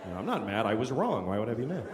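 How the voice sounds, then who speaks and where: A man's voice: mid-range voice, sing-song, quick pace, very noisy. A man doing a live stand-up routine, telling a crude story in a sardonic way and acting out the people in it. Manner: sardonic storytelling, crude jokes, acts out quotes. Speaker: stand-up comedian. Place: live comedy stage before an audience. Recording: reverberant hall with loud audience.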